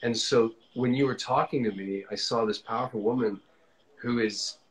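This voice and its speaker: A man's voice: mid-range voice, fairly even intonation, normal speed, low-quality recording. Encouraging male live-stream host. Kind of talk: casual live-stream chat.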